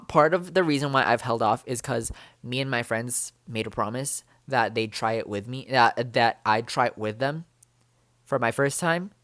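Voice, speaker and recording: A young man talks straight into a close, dry mic, bubbly and rambling, tumbling from one excited exclamation to the next. His voice sits at an ordinary middle pitch, and the casual vlog chatter is packed with fillers and restarts. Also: no room sound. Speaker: vlogger.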